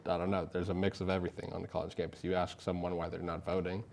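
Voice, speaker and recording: A man's voice: low voice, flat delivery, racing, creaky, a little mellow, a little hiss or hum. A young college man on a student panel who gives his opinions plainly, with frequent "uh"s. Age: young adult. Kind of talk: casual panel discussion.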